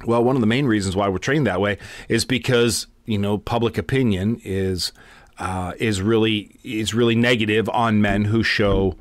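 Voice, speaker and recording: A man's voice: fairly low pitch, steady tone, moderate pace, no echo. A man, a pastor, teaching a Bible study in an earnest, conversational way, with many fillers and repeated words.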